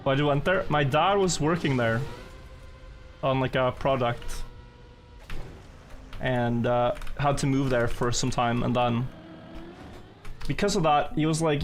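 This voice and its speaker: A man's voice: mid-range voice, measured pace, pauses often, slight background noise. A young man from Norway, a native Norwegian speaker, chatting casually with his live chat while he plays a game. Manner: chatty and self-amused, answers chat questions. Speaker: streamer.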